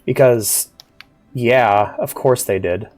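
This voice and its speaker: A streamer with a cough, chatting casually over live gameplay and shouting at the little on-screen character. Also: medium pitch, slow, soft background music. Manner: animated, yelps and shouts at the game character. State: sick, coughing. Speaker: VTuber game streamer.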